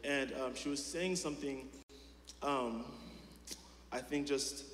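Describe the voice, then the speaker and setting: A man's voice: mid-range voice, slow pace, a bit bright, slight background noise. A man preaching a sermon in a casual, chatty way, full of fillers and restarts and questions put straight to the congregation. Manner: talks directly to the congregation with questions. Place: church hall. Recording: echoey hall with long reverb.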